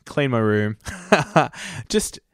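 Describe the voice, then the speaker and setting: Gravelly Argentine man telling a story. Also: mid-range voice, big pitch swings, drawn-out words, no echo, clean studio sound. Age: 30s. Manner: rambling, self-deprecating, laughs often. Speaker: guest. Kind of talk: casual storytelling chat.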